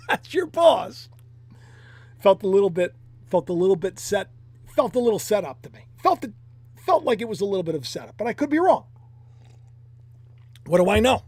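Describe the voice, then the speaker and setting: A man's voice: high voice, expressive, a little fast, pauses often, a little mellow, dry recording. A man hosting his own online commentary show, rambling in a casual, jokey way and often repeating himself. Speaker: YouTube commentary host.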